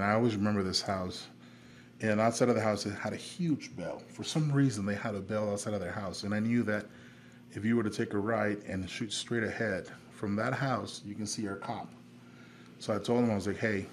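Candid low-voiced veteran man. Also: slight background noise. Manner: candid, plainspoken with frequent fillers. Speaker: podcast guest, army veteran. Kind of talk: recounting a personal story.

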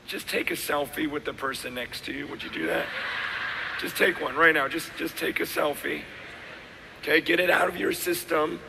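Hoarse male pastor preaching in a hall. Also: on the high side. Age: middle-aged. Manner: animated preaching, swinging from shouts to quiet asides. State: hoarse, voice worn out. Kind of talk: sermon. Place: large hall with live audience. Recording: long hall reverb, faint noise.

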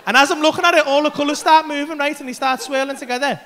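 High bright-voiced comedian. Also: male voice, racing, slight background noise. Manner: animated, swearing, acts out voices. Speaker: stand-up comedian. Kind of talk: stand-up storytelling. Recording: live comedy club set.

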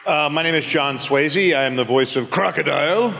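A man on a convention panel telling a relaxed, anecdotal story through a microphone in a large room. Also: fairly high pitch, moderate pace, gravelly, background noise. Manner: relaxed anecdotal, laughing at his own story. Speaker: voice actor panelist. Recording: echoey convention hall through PA.

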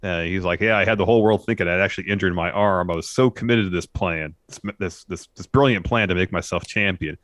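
A man with a very low, deep voice recapping wrestling in relaxed chat as a podcast co-host. His humor is dry and deadpan, and the sound is close and dry, with no room echo. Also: fast talker, hardly any pauses.

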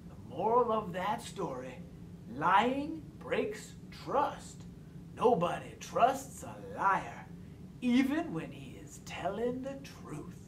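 A man tells a children's story aloud with an expressive, sing-song delivery. He speaks slowly, and his pitch swings widely. The sound is roomy and distant, with a faint hiss behind it. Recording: roomy distant mic, faint background noise.

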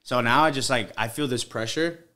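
Male guest in his twenties, relaxed conversational delivery, mid-pitched voice. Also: brisk. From El Salvador, raised in the US. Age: 20s. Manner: relaxed, says "like" a lot. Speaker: guest, radio host. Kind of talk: casual podcast interview.

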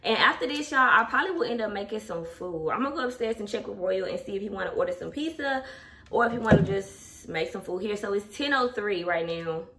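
A woman's voice: mid-range voice, expressive, a little fast. A young adult woman chatting casually with her viewers at home, open and emotional. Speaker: vlogger. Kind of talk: casual vlog chat. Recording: distant mic, faint background noise.

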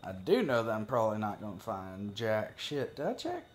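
A man's voice: on the low side, wildly swooping pitch, normal speed, noisy background. A man giving casual, profane gameplay commentary as a gaming video creator, joking and talking to himself as he plays.

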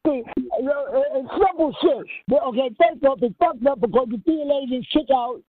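A man's voice: extremely high pitch, a little fast, crowd noise. A man leading a profane call-and-response sermon, quizzing his listeners with rhetorical questions that they finish. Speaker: spiritual leader. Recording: tinny lo-fi line with faint hiss.

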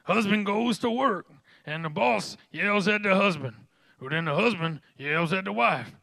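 A preacher doing a drawled comic joke-teller voice. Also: male voice, high-pitched, animated, gravelly, pushed and bright, heavily acted. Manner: drawn-out, exaggerated comic delivery. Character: man telling a joke in an odd comic storytelling voice.

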